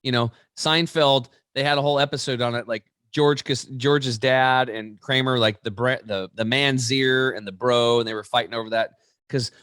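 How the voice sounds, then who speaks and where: A man in his forties, a guest in an interview, telling stories in an animated, emphatic way. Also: medium pitch, moderate pace, clear, resonant tone, no echo, studio quality. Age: 40s.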